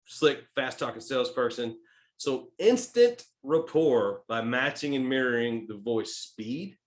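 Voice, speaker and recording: A man with a Texan accent giving a sales training talk, emphatic and checking in with "right?" and "okay?", swinging between loud stresses and soft asides. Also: medium pitch. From Texas. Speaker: sales coach.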